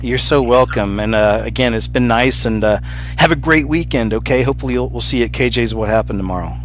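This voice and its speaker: A man's voice: medium pitch, quick pace, soft background music. A man hosting a call-in show, chatting casually with callers and laughing often.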